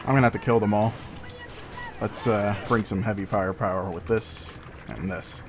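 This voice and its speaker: A man's voice: on the low side, fairly even intonation, normal speed, noisy background. A man commenting casually on the game he is playing and swearing freely as he goes. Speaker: let's play gamer.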